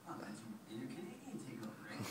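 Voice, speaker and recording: A woman's voice: very deep voice, big pitch swings, fast. A woman playing a cocky stereotypical Canadian inner voice who ends every line with "eh" and calls people hoser. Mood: bossy. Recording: echoey room, far from the mic, noisy.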